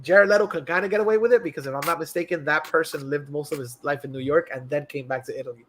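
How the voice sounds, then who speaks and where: Blunt high-voiced man. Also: fast talker, fairly bright tone, slight background noise. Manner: blunt, profane, switches between English and Spanish. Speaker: podcast co-host. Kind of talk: casual bilingual movie chat.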